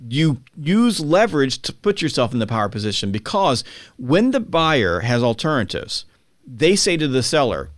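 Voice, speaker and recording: Man, podcast guest, emphatic, energetic, mid-pitched, dry close sound. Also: normal speed, no echo. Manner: emphatic, energetic, acts out buyers and sellers in quotes. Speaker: podcast guest, sales author. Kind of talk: conversational explaining.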